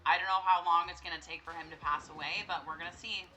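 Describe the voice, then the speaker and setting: A young woman with a bright, forceful voice gives casual gameplay commentary. She chats with the characters on screen as if they could hear her and sometimes bursts into startled, laughing screams. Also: fairly low pitch, steady tone, fast talker, slight background noise, low-quality recording. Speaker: gameplay streamer. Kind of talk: casual let's-play commentary.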